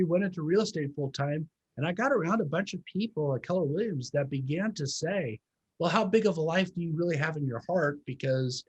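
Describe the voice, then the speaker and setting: A man in his fifties, a former pastor, earnestly telling his story as a guest in an interview, slowing down to stress key points. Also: fairly high pitch, husky, muffled recording. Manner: earnest, reflective storytelling, emphatic slow emphasis. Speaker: guest, former pastor turned real estate business owner. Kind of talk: interview conversation.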